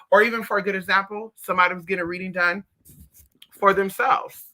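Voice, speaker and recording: A woman reader chatting casually to her viewers from home in a sassy, slangy, animated way. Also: medium pitch, fast talker. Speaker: spiritual reader and streamer. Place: at home indoors.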